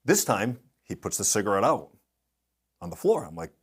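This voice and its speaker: A middle-aged man speaking as a guest in an interview, telling lively anecdotes and acting out the voices of people he quotes. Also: on the low side, moderate pace, husky. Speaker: guest speaker, industry consultant. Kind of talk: storytelling in a podcast interview.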